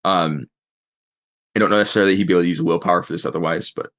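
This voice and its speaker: A man's voice: low voice, steady tone, rapid-fire, fairly bright tone. A man narrating as game master, rambling and thinking aloud as he describes the scene.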